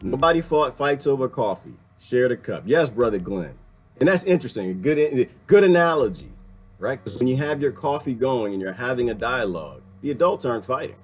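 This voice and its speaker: A man's voice: mid-range voice, lively intonation, fairly quick, breathy edge. A man hosting a casual livestream, talking straight to his chat viewers and laughing often. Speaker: livestream host.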